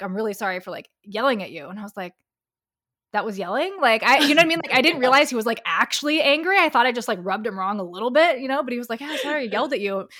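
A woman's voice: mid-range voice, fairly bright tone. A woman in casual chat, talkative and candid, filling her talk with "like". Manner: talkative, heavy use of "like", candid and emphatic.

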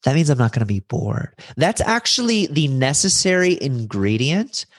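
A middle-aged man talking as a podcast guest, telling personal stories in an animated way, jumping up in pitch when excited and acting out other people's lines. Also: moderate pace, no echo, studio quality. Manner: acts out other voices in his stories. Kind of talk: reflective storytelling conversation.

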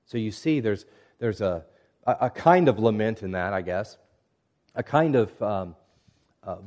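A man preaching a sermon, reading scripture and speaking in a measured, earnest way that drops to hushed tones at times. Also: fairly low pitch. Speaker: pastor.

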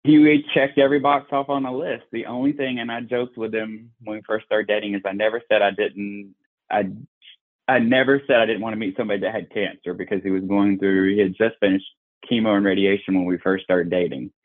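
Male guest, 40s, Southern US accent, low voice, candid and plainspoken, remote call with tinny phone-line sound. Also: fairly even intonation, fairly quick. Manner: open, frank, plainspoken. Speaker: podcast guest. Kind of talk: candid personal storytelling.

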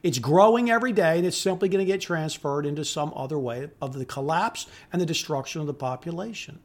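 A middle-aged man with a notably high-pitched voice delivers a solo podcast monologue. He rants with open contempt, swearing often and hammering his points through repetition. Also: fairly quick, a little mellow. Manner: angry, contemptuous ranting with profanity; emphatic repetition. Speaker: podcast host.

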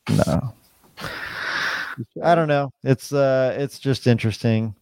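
A man's voice: medium pitch, takes it slowly, vocal fry, warm tone, clean tone, no echo. A man in casual podcast chat, rambling and swearing constantly, with lots of "like" and "dude".

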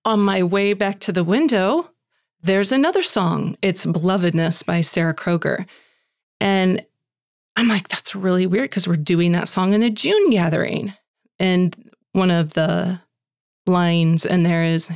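A woman giving a chatty, animated personal faith testimony at a women's gathering, acting out dialogue and saying "like" often. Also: fairly low pitch, a little slow, no echo, clean studio sound. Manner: heavy use of "like" as filler. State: tearful at moments.

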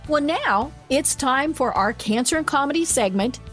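Female co-host: upbeat segment announcer, fairly high pitch. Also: lively intonation, moderate pace, fairly bright tone, soft background music. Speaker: podcast co-host. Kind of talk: podcast chat and segment intros.

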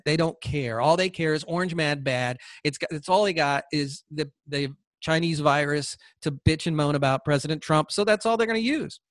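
A man's voice: fairly high pitch, no room sound. A man hosting a podcast, delivering a combative, sarcastic political monologue that taunts imagined listeners. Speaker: podcast host.

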